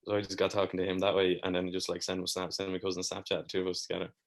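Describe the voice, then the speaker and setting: An Irish man chatting as a podcast guest, with a very low voice that barely moves in pitch. He strings his anecdotes together in long, easygoing runs and drops a casual swear now and then. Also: completely flat delivery, very fast, gravelly. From Ireland. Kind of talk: casual storytelling chat.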